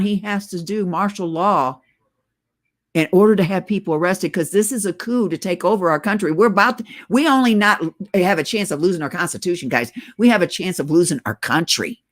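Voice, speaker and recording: Short of breath and on oxygen, a middle-aged woman vlogs about politics, addressing her viewers as guys in an urgent, conspiratorial direct-to-camera rant. Her voice sits at a medium pitch with a fairly bright tone.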